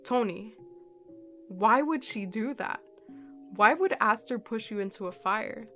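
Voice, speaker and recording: A woman's voice: a little high, animated, a little slow, a bit bright, soft background music. A woman voicing a firm young group leader who speaks with command and scolds a friend. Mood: firm, scolding.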